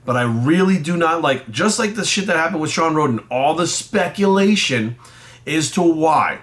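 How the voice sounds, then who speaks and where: A man's voice: a little high, expressive, normal speed, fairly bright tone. A man, a bodybuilding coach and vlogger, ranting bluntly to camera with lots of swearing and rising anger. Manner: angry, blunt, heavy swearing. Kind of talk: heated profane rant to camera.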